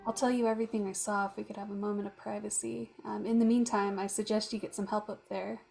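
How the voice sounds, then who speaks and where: Female elf adventurer voiced by a woman, gravelly, cautious, earnest, clear music underneath. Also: medium pitch, flat delivery, fast talker, a little mellow, close to an everyday voice. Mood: persuasive.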